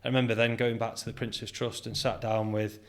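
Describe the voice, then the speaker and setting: A man's voice: mid-range voice, a little fast. A man in his forties, a guest on a casual podcast, telling anecdotes with frequent laughs and acted-out dialogue. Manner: animated anecdotes, laughs often, acts out past conversations. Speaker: guest, company founder.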